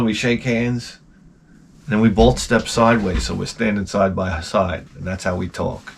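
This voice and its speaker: A man's voice: fairly low pitch, slight background noise. Profane middle-aged man ranting. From Long Island, New York. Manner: profane, animated storytelling with many restarts. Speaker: host. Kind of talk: rambling comic monologue.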